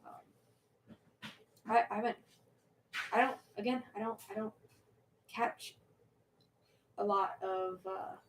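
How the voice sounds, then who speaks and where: Young woman streamer, rambling, giggly chatter, mid pitch, distant mic with faint noise. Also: steady tone, takes it slowly, pauses often. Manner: rambling, self-interrupting, giggly. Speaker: livestream host. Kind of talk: casual chat reading viewer questions.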